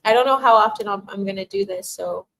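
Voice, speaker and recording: A young adult woman hosting a casual spiritual livestream, reading out viewer comments and giving tarot readings with frequent laughter and warm affirmations. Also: medium pitch, fast talker, poor audio. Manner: bubbly, laughs often, emotional and affirming.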